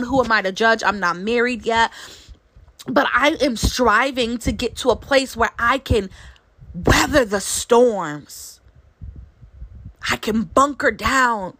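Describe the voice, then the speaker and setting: A woman's voice: fairly high pitch, fairly bright tone, low-quality recording. A woman in her late twenties giving an earnest devotional sermon, repeating key phrases for emphasis. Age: late 20s. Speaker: Christian speaker.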